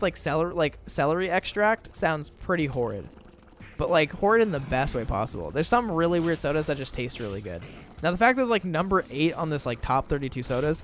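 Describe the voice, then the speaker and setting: A man's voice: fairly high pitch, a little hiss or hum. A young man giving casual, rambling commentary while playing a video game, chatty and full of exaggerated indignation. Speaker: gaming video creator.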